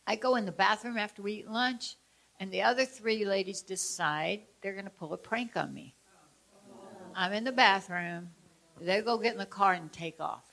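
Expressive woman telling a personal story. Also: medium pitch, moderate pace, gravelly. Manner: expressive storyteller, shifting between loud and hushed. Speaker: speaker teaching about traumatic memory. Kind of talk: personal story within a lecture.

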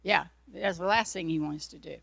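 A woman's voice: fairly low pitch, moderate pace, creaky, fairly bright tone, no room sound. A woman preacher giving an earnest sermon testimony, telling her story and acting out her own prayers and God's replies.

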